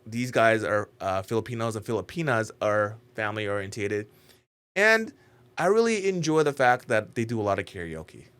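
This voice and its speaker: A man talking casually as a YouTuber in a reaction vlog, rambling and animated, with many "like"s. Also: medium pitch. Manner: rambling, animated, heavy use of "like".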